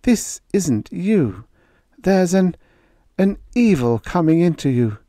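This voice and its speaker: A man's voice: on the high side, very animated, slow, mellow, no room sound, clean studio sound, pitched above the performer's own voice. Man voicing a pleading young ranch wife. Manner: urgent and pleading.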